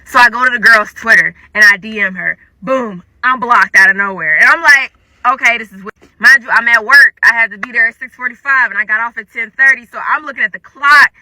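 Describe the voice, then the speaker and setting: Animated young woman telling a storytime. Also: on the high side, a little fast, no echo. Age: young adult. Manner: animated, dramatic, acts out quotes. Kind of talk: casual storytime.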